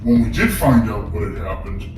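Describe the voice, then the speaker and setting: A man recounts events earnestly, with dramatic understatement, as a mock-documentary witness. He sounds far from the mic in a very echoey space, with music playing clearly behind. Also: lowish voice, normal speed. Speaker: league member. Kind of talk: comedic mock-documentary interview.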